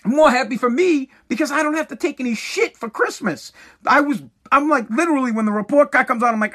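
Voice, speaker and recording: A man's voice: very high-pitched, fairly quick, pushed and bright. A man in his thirties telling a casual story about his son, blunt and swearing freely. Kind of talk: casual monologue.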